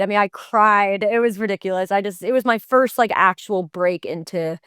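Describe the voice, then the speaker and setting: A woman in her twenties, an actor guest on an interview podcast, telling her story in a chatty, animated way with lots of fillers and restarts. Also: medium pitch, normal speed, few pauses, clear, resonant tone, no room sound, studio quality. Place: podcast studio.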